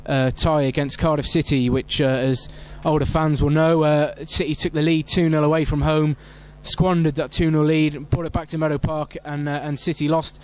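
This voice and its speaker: A man commentating on a football match for club radio, filling gaps with "uh" and climbing high at penalties and saves. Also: level tone, moderate pace, few pauses, darkish tone. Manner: reads team sheets with many fillers, rises sharply at big moments. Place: outdoor football stadium.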